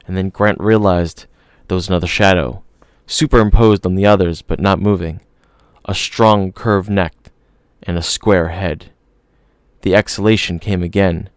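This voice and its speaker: A man narrating an audiobook in a steady, measured reading. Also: lowish voice, clean tone, no echo, clean studio sound.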